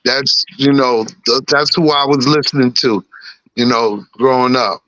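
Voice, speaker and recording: A middle-aged man with a slight lisp, talking in a relaxed, laughing way on a podcast. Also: medium pitch, unhurried, no room sound, lo-fi sound. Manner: laid-back, laughing, peppered with "you know what I'm saying". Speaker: guest rapper. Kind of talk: casual podcast chat.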